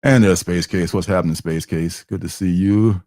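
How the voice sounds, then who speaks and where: A man's voice: low voice, fairly even intonation, normal speed, a little mellow, no echo, studio quality. A man hosting a comic book livestream, chatting casually and rambling with fillers and restarts, sometimes acting out characters' lines.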